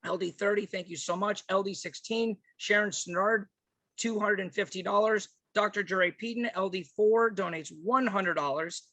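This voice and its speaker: A man with a high, bright, ringing voice makes a fundraising pitch to a virtual convention. He speaks over a video call and reels off thanks to donors one after another. The sound is dry and close, with no room around it. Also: no room sound. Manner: energetic, thanks donors by district in rapid lists. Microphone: computer mic on a video call.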